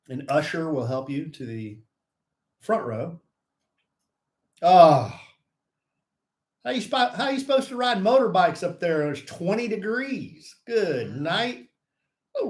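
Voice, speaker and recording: A middle-aged man co-hosting a live stream, greeting viewers by name and teasing his co-host in casual banter. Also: on the high side. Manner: playful, teasing, lively banter.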